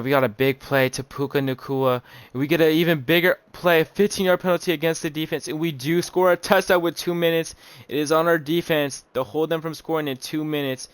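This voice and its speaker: A man's voice: medium pitch, clean tone, no room sound. Hyped young man calling a football video game. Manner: hyped, anxious play-by-play, swears, says "man" and "bro" a lot. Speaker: gaming YouTuber. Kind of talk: excited game commentary. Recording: game music playing loud underneath. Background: video game music.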